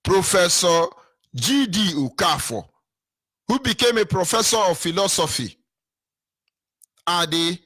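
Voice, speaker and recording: An older Nigerian man with a husky, bright voice delivers a fiery monologue, swinging widely up and down as he repeats words for emphasis. His tone sits fairly high, and the sound is dry and close. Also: animated, measured pace, pauses often, no room sound. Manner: repetitive, emphatic, sing-song rises. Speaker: political commentator. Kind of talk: impassioned monologue.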